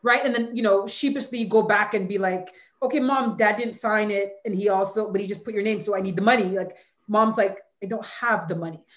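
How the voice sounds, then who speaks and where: A woman's voice: medium pitch, steady tone, fairly quick, hardly any pauses. Woman, 40s, interview guest; candid, heartfelt, close to tears at moments; roomy echo. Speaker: author and former hurdler, guest. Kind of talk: emotional interview conversation.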